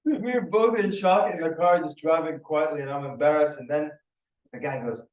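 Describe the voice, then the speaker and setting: A man teaching a workshop, his voice a touch high for a man. He tells lively stories and mimics the people in them. He is heard from a distance in a roomy, echoing room. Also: dull audio. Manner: animated storyteller who acts out the people in his stories. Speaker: workshop speaker. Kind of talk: anecdotal teaching talk. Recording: roomy echo, mic at a distance.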